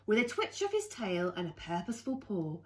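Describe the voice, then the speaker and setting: A woman reading a rhyming picture book aloud to children, in an expressive sing-song way with playful asides. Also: medium pitch, brisk. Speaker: children's storyteller.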